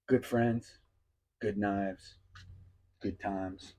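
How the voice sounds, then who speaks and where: Brief: middle-aged guy, slightly low voice, casual swearing monologue, lots of fillers. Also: fairly even intonation, drawn-out words, mellow. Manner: rambling, profane, lots of fillers and restarts. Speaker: knife reviewer.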